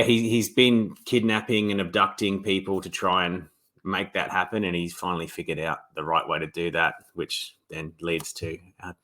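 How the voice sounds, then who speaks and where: An Australian man, an author being interviewed, talking in a relaxed, rambling way with many restarts. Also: low-pitched. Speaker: author guest. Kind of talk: casual interview.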